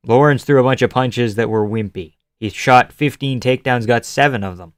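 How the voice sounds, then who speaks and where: Guy live-streaming fight reactions, swears a lot, chats with viewers, smooth voice, dry close mic. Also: mid-range voice, moderate pace, hardly any pauses, dry recording. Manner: loose, profane, chatty, greets chat by name. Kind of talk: casual live-stream commentary.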